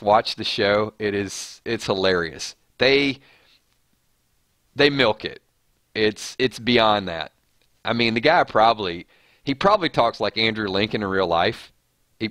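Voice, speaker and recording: A man with a fairly low voice chats through a live stream, joking and answering viewer comments. The sound is dry and close, with little room. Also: fairly bright tone, no room sound. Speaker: livestream host. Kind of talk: casual chat.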